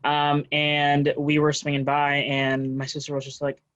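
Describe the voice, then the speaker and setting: A man from Texas telling a quick story on a casual video call. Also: fairly high pitch, monotone, fairly bright tone. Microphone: computer mic on a video call. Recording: dull lo-fi video call audio.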